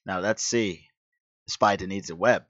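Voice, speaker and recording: A man's voice: low-pitched, steady tone, moderate pace, a bit bright, lo-fi sound. A man voicing a cocky young male science-student hero, declaiming comic-book lines. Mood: plotting.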